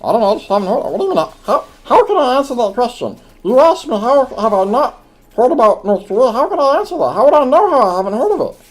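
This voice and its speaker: Brief: man putting on a squeaky, sing-song clueless dude, whiny and defensive, comedy gaming banter. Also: very animated, quick pace, full character voice, low-quality recording. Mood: confused. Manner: argumentative, defensive.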